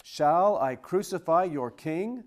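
A man reading the part of a stern Roman governor questioning a prisoner, in formal archaic wording with questions pitched higher. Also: animated, slow pace.

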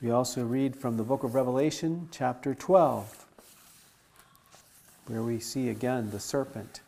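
A man reading scripture lessons aloud at a service in a measured, formal way. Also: medium pitch, creaky, dark tone. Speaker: scripture reader.

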